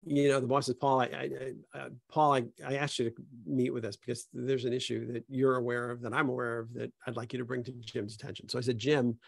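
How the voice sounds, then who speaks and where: A man's voice: medium pitch, little pitch movement, fast talker, vocal fry, few pauses, no room sound, clean studio sound. A middle-aged man, an HR consultant, talking on a panel and acting out both sides of a tough workplace conversation. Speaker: HR consultant and speaker. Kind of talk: panel talk with acted-out workplace dialogue.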